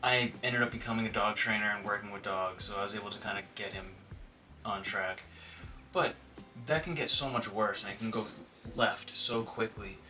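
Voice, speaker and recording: A man with a low, forceful and bright voice talks casually to the camera as a dog trainer, full of filler words and small acted-out bits. He sounds a little distant from the mic, and faint music plays underneath. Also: moderate pace. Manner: conversational, frequent filler words, acts out quoted dogs and owners.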